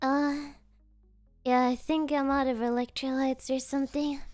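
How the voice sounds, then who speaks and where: Woman streamer, high voice, unhurried, giggly storyteller, dry close mic, faint music behind. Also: little pitch movement, darkish tone, dry recording. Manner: giggly, rambling, heavy fillers with Japanese interjections. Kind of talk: casual storytelling chat.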